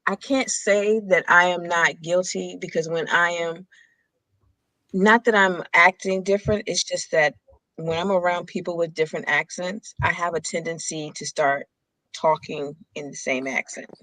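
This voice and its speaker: A speaker in a casual conversation as a guest, lively and quick to laugh. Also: medium pitch, no room sound, poor audio. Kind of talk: casual chat.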